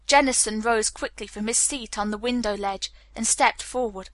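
A woman narrating a novel with a steady storytelling delivery. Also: on the high side, normal speed, no room sound. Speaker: audiobook narrator. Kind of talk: scripted narration.

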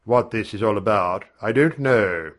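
A cornered gentleman and former major , read by a man presses his words out urgently and emphatically. His voice stays low, in the middle of a storybook reading. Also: unhurried, natural voice. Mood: agitated. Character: agitated middle-aged male gentleman, ex-army major, cornered.

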